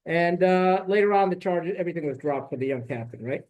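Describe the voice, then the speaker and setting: Middle-aged man, retired officer type, as a podcast guest: pitched high, blunt and profane, indignant storytelling with lots of "right?". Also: lively intonation, a little fast, a little mellow, lo-fi sound. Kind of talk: candid storytelling in a podcast conversation.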